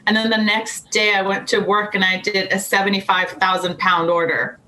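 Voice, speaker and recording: A young adult woman chats as a podcast guest, telling animated stories and laughing often. Her voice is bright and forceful. A faint hum of noise sits behind her. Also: mid-range voice, fairly quick, hardly any pauses, rough recording. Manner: animated storyteller, laughs often, acts out quotes. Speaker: podcast guest, anxiety coach. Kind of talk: casual interview chat.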